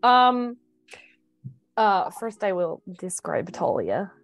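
A woman's voice: mid-range voice, sing-song, slow pace, faint music behind. A woman playing a tabletop game, playful and describing her character at length with many fillers. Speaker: player. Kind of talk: casual tabletop game chat.

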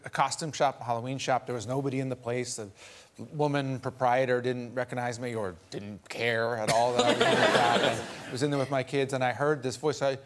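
A man's voice: mid-range voice, brisk, a little hiss or hum. A man guest on a talk show, telling a casual anecdote with frequent laughs and restarts. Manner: laughing storyteller, many restarts.

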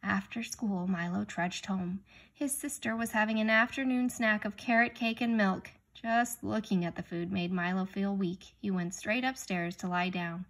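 A woman reading a children's chapter book aloud, stopping now and then to ask young listeners gentle questions. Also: mid-range voice, normal speed. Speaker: reader.

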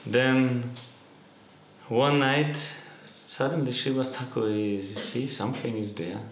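A man giving a devotional lecture and telling stories, in unhurried non-native English with halting restarts. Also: mid-range voice, fairly even intonation, roomy sound, a little hiss or hum. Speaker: spiritual teacher.

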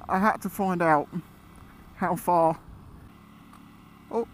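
A man talking casually as he rides a motorcycle, chatty and excitable, often exclaiming. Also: fairly high pitch, takes it slowly, long pauses. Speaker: motorcycle vlogger. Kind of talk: casual ride commentary. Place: outdoors on a moving motorcycle. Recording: loud wind and engine noise.

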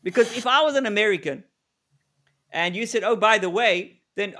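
Guy cohosting a live webinar, pretty high voice, tells stories, laughs a lot. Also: normal speed, sharp tone. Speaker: co-presenter, negotiation expert.

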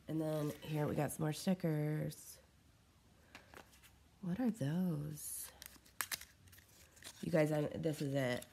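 A woman's voice: low voice, creaky, mellow, a little hiss or hum. A woman vlogger chatting casually while unboxing fan mail at home, scattered and gushing, unwell and coughing, a little short of breath. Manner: chatty and scattered, gushing over small items. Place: at home in her living room.

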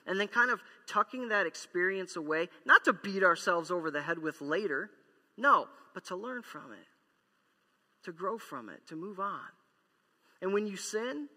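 A man's voice: high-pitched, animated, measured pace, bright, forceful tone, breathy edge. Emphatic preacher man in a reverberant hall. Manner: emphatic, repeats key lines, acts out quoted apologies. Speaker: pastor. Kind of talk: sermon. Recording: long church hall reverb.

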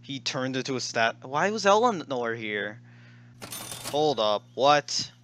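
A young man commenting on his own horror game playthrough, excitable and full of swearing, rambling as he reacts. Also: mid-range voice, a little slow, slight background noise. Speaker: gaming channel host. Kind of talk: let's play commentary.

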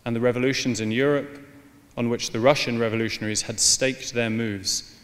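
Author reading aloud in a big echoing hall. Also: male voice, mid-range voice, steady tone, a bit bright. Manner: measured, deliberate literary reading. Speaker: author giving a talk. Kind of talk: reading from his book to an audience. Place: large hall with long reverb. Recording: live talk in a reverberant hall.

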